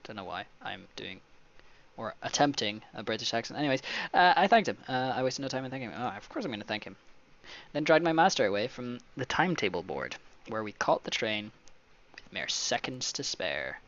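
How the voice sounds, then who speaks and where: A man's voice: mid-range voice, a little fast. Man reading a game aloud, slightly muffled mic. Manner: reads story passages then breaks off into joking, excitable asides. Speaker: let's play host. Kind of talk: casual gameplay commentary, reading game text aloud.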